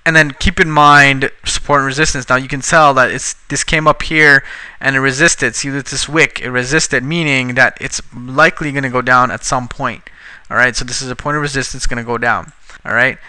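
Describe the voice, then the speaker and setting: A man teaching a trading strategy over a screen recording, casual and increasingly frustrated, swearing at his slow computer. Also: medium pitch, steady tone, pushed and bright, clear, resonant tone, dry recording. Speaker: trading instructor.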